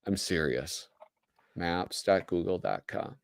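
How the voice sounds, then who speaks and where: A man's voice: low voice, slow, gravelly, dry recording, studio quality. A man with a Midwestern American accent, hosting a casual livestream, chatty and joking as he reads aloud. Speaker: host.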